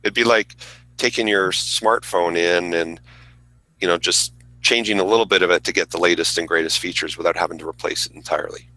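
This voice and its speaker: Man, co-host, very low voice, bright edge, enthusiastic explaining. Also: fairly even intonation, fairly quick, no room sound, poor audio. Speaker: podcast co-host. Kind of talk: casual panel chat.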